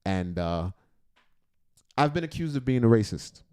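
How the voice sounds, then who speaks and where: A man's voice: medium pitch, big pitch swings, a little slow, darkish tone, smooth. A man hosting a casual livestream, rambling playfully between jokes and earnest talk. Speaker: livestream host reacting to videos.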